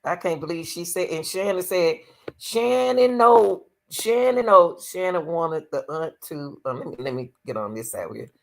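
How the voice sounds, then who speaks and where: Reacting live to a court case, this woman addresses her audience as "y'all," speaks emphatically and keeps exclaiming to the Lord. She has a fairly low, expressive voice with vocal fry and a moderate pace.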